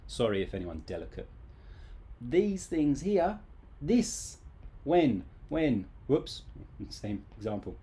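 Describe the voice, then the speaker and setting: A man's voice: medium pitch, sing-song, slow, dark tone. A man teaching English grammar in a casual, playful live online class.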